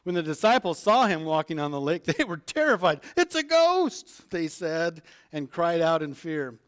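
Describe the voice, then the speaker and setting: A man's voice: a little high, normal speed, fairly bright tone, clean tone. A man preaching a sermon, retelling a Bible story in a casual way, acting out the characters' lines and chuckling as he goes. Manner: retells scripture conversationally, acts out voices, chuckles.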